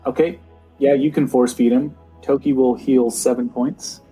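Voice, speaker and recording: A man's voice: mid-range voice, fairly even intonation, normal speed, dark tone, soft background music. A man acting as dungeon master, patiently explaining the rules step by step. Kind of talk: running a tabletop game.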